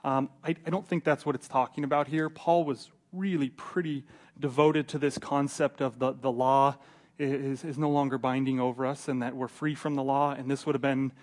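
A man's voice: medium pitch, flat delivery, moderate pace. A man teaching a casual Bible study, chatty and joking. He often repeats his words and acts out the scenes he describes.

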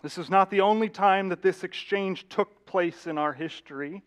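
A man's voice: high voice, moderate pace. A male pastor preaching a sermon, telling a story vividly and addressing the congregation directly.

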